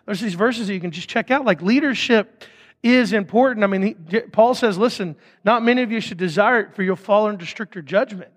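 High-voiced pastor preaching in a hall. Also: male voice. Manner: casual, conversational preaching with quick asides. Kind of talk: sermon.

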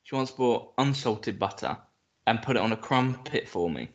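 A man trades casual banter with a dry, teasing edge and won't budge on his point. His voice rises and falls freely. He sounds relaxed and amused. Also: medium pitch, moderate pace, lo-fi sound. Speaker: podcast co-host.

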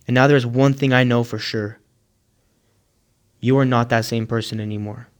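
A man voicing a grieving, forgiving middle-aged mother in a retold story, in a quiet, earnest way. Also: medium pitch, steady tone, normal speed, natural voice.

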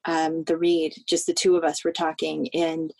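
A woman's voice: low-pitched, monotone, normal speed, vocal fry, a little mellow, dry recording. A woman from Florida, an actress talking in a casual interview, earnest and rambling, often restarting her sentences. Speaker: actress guest.

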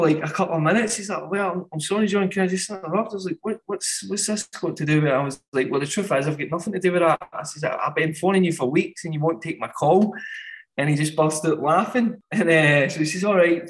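A man, a podcast guest telling animated anecdotes and laughing often. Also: on the high side, low-quality recording. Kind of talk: casual storytelling.

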